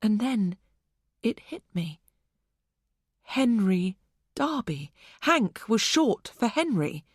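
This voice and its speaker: A woman narrating a suspense audiobook in the first person with tense, measured delivery. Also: mid-range voice, big pitch swings, slightly rough, no room sound, clean studio sound.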